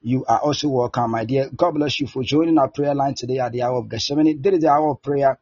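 A man pastor preaching and praying fervently on an online prayer line, with impassioned, repetitive declarations and shouted peaks. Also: mid-range voice, fast talker, husky, no room sound. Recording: dull lo-fi sound with faint music.

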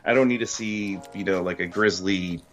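A man's voice: deep voice, moderate pace, fairly bright tone. A man, a guest critic, chatting casually on a gaming podcast, talking hesitantly with many ums and you-knows.

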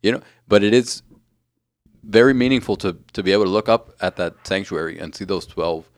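A man co-hosting a podcast, speaking calmly and agreeably in casual chat. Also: fairly low pitch, fairly quick. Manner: calm, agreeable, short affirmations. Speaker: podcast co-host.

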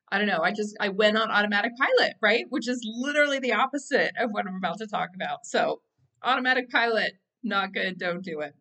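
A woman's voice: mid-range voice, sharp tone. A woman hosting her own podcast, talking casually with lots of fillers and restarts and laughing at herself. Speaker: podcast host. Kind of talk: casual solo podcast monologue.

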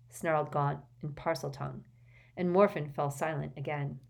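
A woman narrating an audiobook in a measured, expressive way. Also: low-pitched, gravelly.

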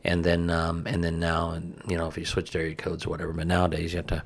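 A man's voice: sits low, monotone, fast, slight background noise. A man in his fifties chatting casually, rambling folksy stories with many fillers. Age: 50s. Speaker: co-host, father of the host. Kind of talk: casual chat.

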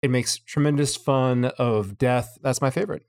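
A man co-hosting a podcast, who thinks aloud in a steady, analytical way. His voice sits at a middle pitch for a man and stays conversational. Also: normal speed. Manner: thoughtful, analytical. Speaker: podcast co-host. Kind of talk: casual chat.

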